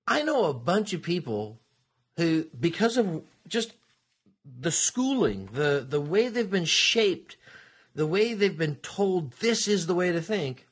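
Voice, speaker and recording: A man co-hosting a podcast in casual chat, teasing and laughing often. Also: sits high. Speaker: podcast co-host.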